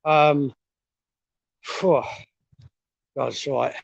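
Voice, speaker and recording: Middle-aged man, winded, gravelly and plain-spoken, swears freely, casual outdoor walking vlog. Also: medium pitch, fairly even intonation, unhurried, long pauses, dry recording, dull audio. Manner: blunt, swears a lot, rambling. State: out of breath. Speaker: vlogger. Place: outdoors on a steep hill road.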